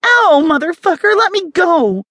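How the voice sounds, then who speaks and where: A woman's voice: high-pitched, big pitch swings, takes it slowly, dry recording, pitched above the performer's own voice, heavily acted. A woman narrator voicing a fiery young woman journalist who is furious and swears at her captors. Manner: yelling, defiant, swearing. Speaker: heroine of an audiobook.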